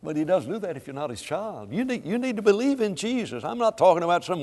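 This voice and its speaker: A man preaching a sermon to a congregation, swinging between hushed lines and loud, drawn-out emphasis. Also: high-pitched, big pitch swings. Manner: dramatic swings from soft to loud, slow emphatic phrasing. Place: church sanctuary. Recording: long hall reverb.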